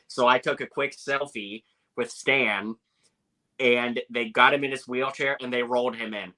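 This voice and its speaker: A young man telling animated anecdotes as a podcast guest, with lots of filler words. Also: medium pitch, normal speed, rough recording. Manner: animated storyteller, many "like" fillers.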